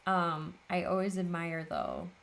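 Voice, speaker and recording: Hosting a papercraft video, a woman chats casually and tiredly while she works, often laughing at herself. Her voice is lowish and very animated, her pace measured.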